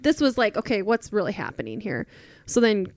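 A woman's voice: medium pitch, fairly quick, no echo, studio quality. A woman in her thirties chatting on a podcast, telling a family story and acting out the people in it. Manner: animated storyteller, acts out quotes. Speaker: podcast guest, mother. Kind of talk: casual chat, storytelling.

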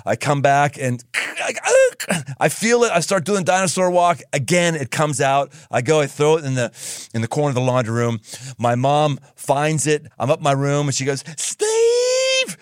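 A male podcast host spinning a casual story, his pitch leaping around animatedly. He sounds a touch high and very lively, recorded dry and close. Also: moderate pace, smooth, no echo. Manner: animated, laughing while telling.

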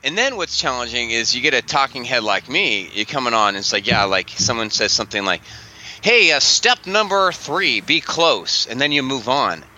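A man in his forties chats as a podcast guest, coaching parents, with a very bright, forceful tone. He is animated and breaks into playful voices to act out scenes. A faint hum of ambience sits behind him. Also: medium pitch, fairly quick, few pauses, low-quality recording. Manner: animated, acts out parents and teens in funny voices. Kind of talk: casual podcast chat.

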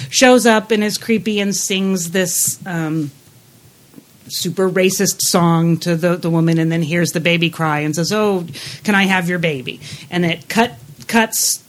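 Woman, lowish voice, casual podcast chat, blunt, animated, restarts a lot. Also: a little slow. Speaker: podcast co-host.

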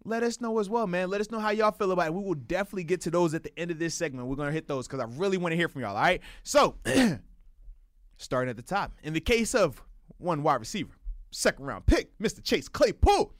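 Man, sports radio co-host, playful, hype, bouncy pitch, dry sound. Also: animated, fast talker, dry recording. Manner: hype, playful, laughs often. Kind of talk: casual sports radio chat.

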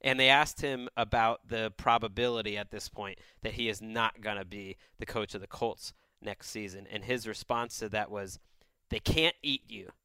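A man's voice: lowish voice, steady tone, normal speed, few pauses, sharp tone, smooth, no echo. A man co-hosting a podcast in casual comedic chat, laid-back as he reads listener questions. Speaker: podcast co-host.

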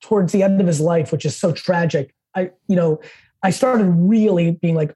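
A man as a podcast guest, telling stories in a fast, profane, high-energy way. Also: warm tone. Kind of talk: casual interview storytelling.

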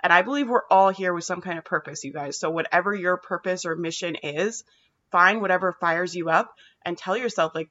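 A woman's voice: lowish voice, fairly quick, pushed and bright, dull audio. A woman giving an emphatic motivational monologue to her viewers, swearing casually and asking "right?" often. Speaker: mental health vlogger.

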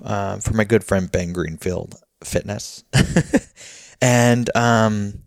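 A man's voice: on the low side, expressive, a little slow, dry recording, clean studio sound. Slightly breathless man rambling on a podcast. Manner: rambling, frequent filler words. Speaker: podcast host. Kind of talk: casual podcast monologue.

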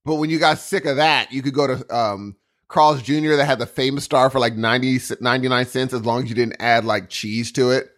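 This podcast co-host has a medium-pitched voice and talks fairly quickly. In a relaxed conversation he spins stories with lots of energy, often slipping into goofy voices.

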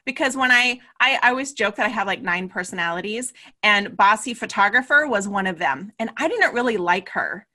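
Lively woman mentor telling her story. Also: medium pitch, brisk, hardly any pauses. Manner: animated storyteller, acts out quoted voices. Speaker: business mentor guest. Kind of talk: casual interview chat.

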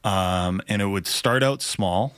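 A man's voice: low voice, takes it slowly, fairly bright tone, smooth. A man co-hosting a sports radio show, chatting casually with dry jokes and rambling asides in a studio. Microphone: studio microphone.

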